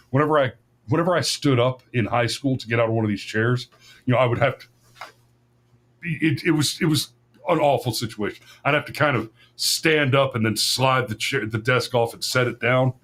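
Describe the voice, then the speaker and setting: A male host tells a long story in a loose, rambling way, often stopping to restart his sentences. He swears freely and sounds casual. His voice sits at an ordinary middle pitch for a man. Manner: rambling, profane, many restarts and self-corrections. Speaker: podcast host.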